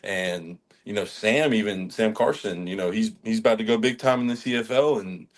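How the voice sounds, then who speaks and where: A man in his twenties, a college football lineman, telling lively stories with laughs and swearing as a podcast guest. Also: on the low side, normal speed. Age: 20s. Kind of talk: casual podcast chat.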